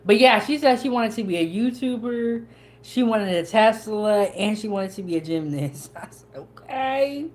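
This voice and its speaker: A woman's voice: mid-range voice, normal speed. A young woman, hosting a cooking channel in casual, folksy chat as she eats. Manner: chatty, folksy, with dialect grammar. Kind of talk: casual chat while eating.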